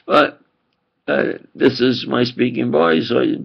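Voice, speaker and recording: A man's voice: mid-range voice, fairly even intonation, takes it slowly, creaky, breathy edge. An older man with a New York accent, a preacher delivering a rambling, emphatic monologue to the camera. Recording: dull lo-fi recording.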